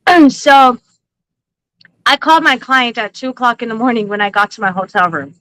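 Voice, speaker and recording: Bright high-voiced woman telling a story. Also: moderate pace, no echo, poor audio. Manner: animated, laughing, swears freely. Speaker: psychic reader and livestream host. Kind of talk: casual storytelling on a livestream.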